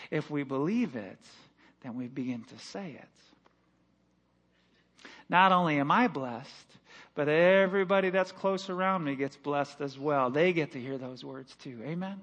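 A middle-aged male pastor preaching a sermon, swinging between loud emphatic lines and hushed ones. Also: sits high, a little slow. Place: church sanctuary.

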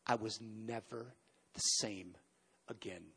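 In a large church, a man in his fifties preaches a sermon, recounting his story animatedly with emphatic pauses and sudden loud bursts. His voice is on the low side and slightly rough.

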